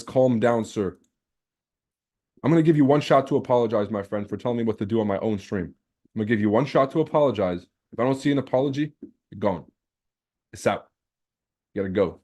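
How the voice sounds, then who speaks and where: A man whose voice is on the low side and a little mellow hosts a live trading stream. Chatting casually, he reads the chat aloud, teasing brashly and swearing freely.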